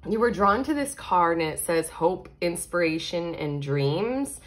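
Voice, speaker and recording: A woman giving a casual tarot card reading, excitable and chatty, laughing often and filling her talk with "like" and "you know". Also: fairly low pitch, unhurried. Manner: excitable, giggly, chatty with many fillers. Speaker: tarot reader.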